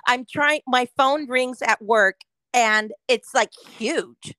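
A California woman co-hosting a casual podcast rants with heavy swearing, acting out her own reactions in quotes. Her fairly high voice sounds pushed and bright, she takes it slowly, and the recording is dry.

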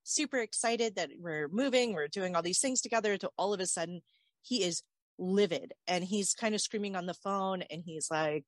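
A woman's voice: lowish voice, normal speed, no echo. A woman candidly retelling a painful personal story on a talk show, acting out what others said. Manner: emotional, animated retelling with quoted dialogue. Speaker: guest telling her story.

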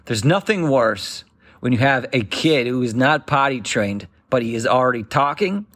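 A man's voice: medium pitch, lively intonation, normal speed, a bit bright. A man in his thirties performing a rambling stand-up routine, acting out other voices as he goes. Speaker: stand-up comedian.

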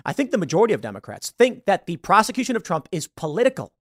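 A man's voice: fairly high pitch, no room sound, studio quality. Emphatic man hosting solo commentary. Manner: emphatic, opinionated, rhetorical questions. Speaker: show host.

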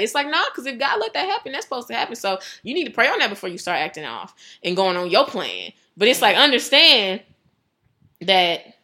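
A woman giving a casual devotional talk, chatty and animated, laughing often and saying "like" a lot. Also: fairly high pitch, a little fast. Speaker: devotional speaker.

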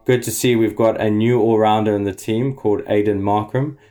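Man, correspondent, enthusiastic casual chat, mellow dark tone. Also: lowish voice, fairly even intonation, brisk.

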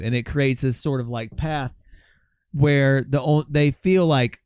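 A man's voice: fairly high pitch, fairly even intonation, measured pace, darkish tone, no echo, studio quality. A man hosting a podcast, chatting casually and swearing freely as he reads out quotes. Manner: loose and conversational, swears freely, laughs often. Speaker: podcast host. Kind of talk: casual chat, reading out quotes.

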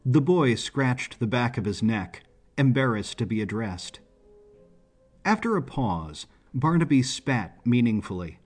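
A man narrating an audiobook story in a measured, even delivery. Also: mid-range voice, slightly rough, soft background music.

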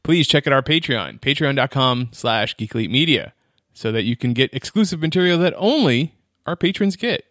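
A man's voice: medium pitch, lively intonation, moderate pace, a bit bright, no room sound, clean studio sound. A man hosting a casual podcast, laughing often and reading the show's plugs. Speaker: podcast host.

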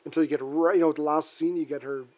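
Man chatting casually, halting restarts. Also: a little high, fairly even intonation, darkish tone. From Canada. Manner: halting, with frequent restarts and fillers. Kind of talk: casual chat recapping a horror film.

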